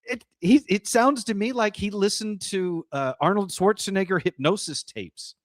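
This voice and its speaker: A man hosting a podcast in casual chat, chatty and quick to laugh. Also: high voice, no echo, clean studio sound. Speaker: podcast host.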